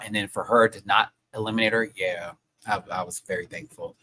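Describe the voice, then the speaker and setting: A young man chatting casually on a live stream review, excitable and swearing often. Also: on the low side, normal speed, low-quality recording.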